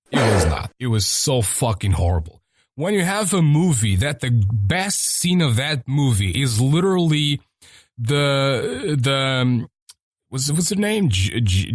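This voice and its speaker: A man's voice: mid-range voice, no room sound, studio quality. A man hosting a podcast in casual chat, rambling and swearing freely as he rants. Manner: rambling and profane. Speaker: podcast host.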